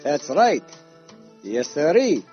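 A man spins records as a radio DJ, talking in a quick, joking patter that swings widely in pitch. His voice comes through a dull, lo-fi broadcast sound, with faint music underneath. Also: big pitch swings.

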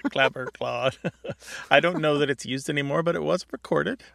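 A man with a gravelly, middle-pitched voice co-hosts a radio show about words. He explains word usage in a chatty, easygoing way and laughs often. His voice sounds dry and close to a studio mic. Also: moderate pace, a bit bright, no echo. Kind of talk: casual radio talk about language.

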